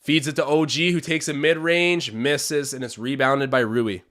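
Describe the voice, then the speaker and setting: A man's voice: mid-range voice, fairly even intonation, moderate pace, fairly bright tone. A young man hosting a live-stream watch-along, chatting opinions, calling plays and reading out viewer comments.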